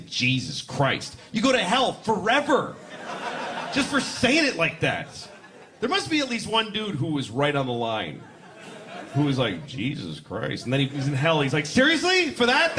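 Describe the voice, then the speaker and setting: Brief: male stand-up comic, high-ish bright voice, lively delivery, live club with crowd noise. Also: a little fast. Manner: acts out characters with sudden shouted bursts. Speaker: stand-up comedian. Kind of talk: stand-up routine. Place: comedy club stage before a laughing audience.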